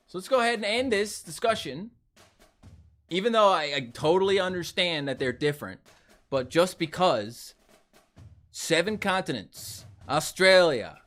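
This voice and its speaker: Animated, bright-voiced man chatting over gameplay. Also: sits high, measured pace, soft background music. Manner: chatty, animated, talks to viewers, rants playfully. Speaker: gaming YouTuber. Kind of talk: casual gameplay commentary.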